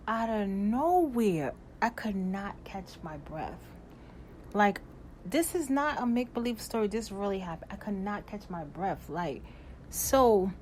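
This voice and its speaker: A young woman telling a personal story in a casual storytime, animated and growing loud and exasperated as she retells events. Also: mid-range voice, a little hiss or hum.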